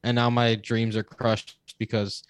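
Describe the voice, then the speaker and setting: A young man co-hosting a podcast, telling a story in a casual, animated way, laughing and swearing as he goes. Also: lowish voice, a little slow, smooth, no echo. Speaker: podcast co-host.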